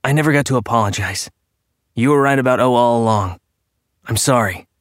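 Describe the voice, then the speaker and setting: A man voicing a worried young man in an audiobook reading, speaking softly and anxiously. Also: medium pitch, brisk, no echo, clean studio sound, natural voice. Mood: earnest. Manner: soft, anxious. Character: worried young man searching for his sister.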